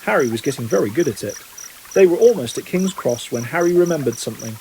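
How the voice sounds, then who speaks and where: A man reading a novel aloud in plain, steady narration. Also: a little high, fast talker, slight background noise, poor audio. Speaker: audiobook reader.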